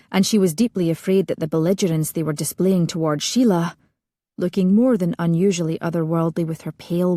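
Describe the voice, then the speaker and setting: A woman narrating a romance audiobook with measured storytelling. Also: fairly low pitch, dark tone, dry recording, clean studio sound.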